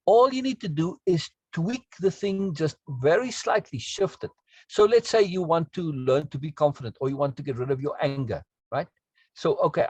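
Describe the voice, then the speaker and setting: A man's voice: a little high, a little mellow, slightly rough, dry recording. A man teaching a self-help course, explaining in an earnest, emphatic way and often checking in with the listener. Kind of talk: spoken lesson on self-talk.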